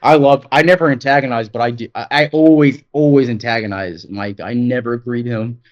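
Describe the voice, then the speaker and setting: A man co-hosting a podcast, chatting excitedly about games, peppering his talk with "dude" and swearing. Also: mid-range voice, a little fast, highs cut off. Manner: excited, profane, rambling with lots of "dude". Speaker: podcast co-host. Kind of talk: casual gaming chat.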